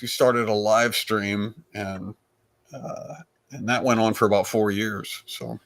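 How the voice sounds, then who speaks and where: A man, a comedian guest, telling stories in a rambling, animated way with frequent restarts. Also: lowish voice, slow pace. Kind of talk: casual storytelling chat.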